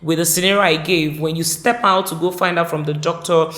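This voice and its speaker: A woman's voice: fairly low pitch, fairly even intonation, fairly quick, a bit bright. Emphatic woman teaching in an echoey room. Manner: emphatic, repeats key words, acts out example dialogues. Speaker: caregiving course instructor. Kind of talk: informal teaching talk.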